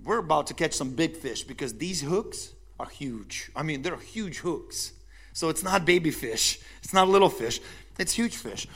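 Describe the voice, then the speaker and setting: A man's voice: fairly high pitch, animated, moderate pace, vocal fry, a bit bright, breathy edge. A man, the pastor, preaching a sermon, telling a story with energy and putting questions to his congregation.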